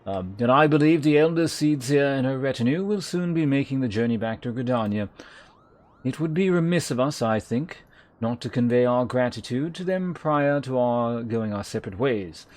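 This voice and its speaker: A man's voice: medium pitch, lively intonation, moderate pace, a little mellow, lightly acted. A man reading as a formal young scholar. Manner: formal, archaic phrasing.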